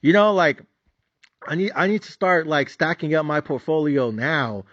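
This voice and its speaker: A man's voice: fairly high pitch, expressive, normal speed, a bit bright, dry recording, dull audio. Fired-up, profane male podcast host. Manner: profane, fired-up storytelling with slangy asides. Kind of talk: casual monologue.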